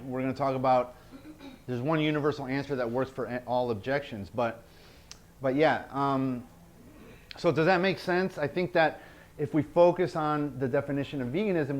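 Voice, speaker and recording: A man's voice: medium pitch, moderate pace. A man presenting a workshop indoors, earnest, repeating key phrases and checking in with the group. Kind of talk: teaching a workshop. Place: indoor event space.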